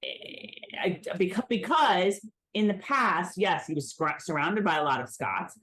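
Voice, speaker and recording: A woman co-hosting a casual recap podcast, chatty and animated, with frequent restarts. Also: fairly low pitch, a little slow. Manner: lively, chatty, with frequent restarts and self-mocking impressions. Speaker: podcast co-host.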